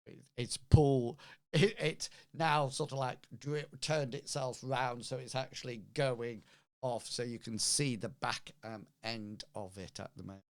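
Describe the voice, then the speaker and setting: A man narrating a tabletop game as game master, slow and halting with fillers. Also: medium pitch, steady tone, no echo.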